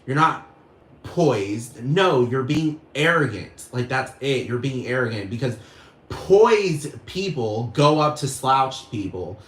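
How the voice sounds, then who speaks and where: A man's voice: medium pitch, animated, slow, fairly bright tone, echoey room, poor audio. A man ranting casually to camera, rambling and profane, repeating himself and laughing often. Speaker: vlogger.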